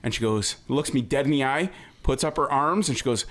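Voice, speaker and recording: A man's voice: mid-range voice, fairly quick, a bit bright. A middle-aged man hosting a podcast, telling funny stories about his kids in casual chat, swearing freely and laughing often. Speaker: podcast host.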